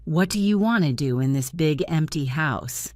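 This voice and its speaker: A woman's voice: low-pitched, expressive, normal speed, a little mellow, no room sound, clean studio sound. A woman voicing a sad, distracted older man who speaks in a subdued, kindly way in a storybook.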